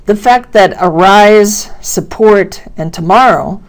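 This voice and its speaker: A woman teaching pronunciation at an unhurried, measured pace. Her voice sits at a mid pitch, and she stretches out example words to show how they sound. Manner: slow, deliberate, exaggerating sounds for demonstration. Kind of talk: instructional narration.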